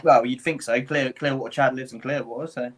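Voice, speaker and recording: A man's voice: medium pitch, steady tone, a little fast, heavy background noise. A man in a casual pre-show chat, hesitant and playfully confused, often restarting his words.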